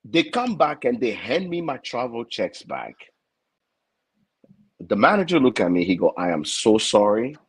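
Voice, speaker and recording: Lively husky man. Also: mid-range voice, measured pace, pauses often, rough recording. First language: French. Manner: animated, stammering repeats, acts out other voices. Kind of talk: casual comic storytelling.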